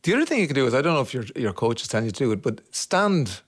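A man hosting a radio chat show, his voice sitting at an ordinary middle pitch. He is wry and encouraging as he jokes with his co-host. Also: very animated, racing. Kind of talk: casual radio chat, reading listener messages.

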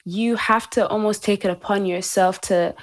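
An earnest young woman talks through her thoughts in a relaxed interview, peppering her sentences with "like" and "you know." Her voice sits at an ordinary middle pitch for a woman. She sounds like a university student reflecting aloud. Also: moderate pace. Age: young adult. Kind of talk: casual interview chat.

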